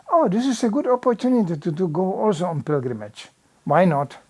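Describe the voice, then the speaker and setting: A man's voice: high voice, a little mellow. An older man preaching in a temple hall, telling a story with many "you know" asides and acted-out sound effects. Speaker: visiting preacher. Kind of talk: storytelling sermon.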